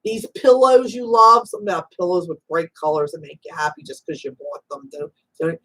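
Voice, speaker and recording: A woman's voice: lowish voice, expressive, brisk, fairly bright tone. A woman hosting a live call-in spiritual reading show, talking in an emphatic, motherly way and calling guests honey and sweetie. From Italian-American background. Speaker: psychic reader and show host.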